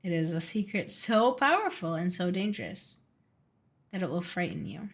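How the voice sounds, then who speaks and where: A woman reading a storybook aloud, voicing a stern regal Ice King in a slow, hushed, solemn manner. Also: lowish voice, big pitch swings, breathy edge, heavily acted.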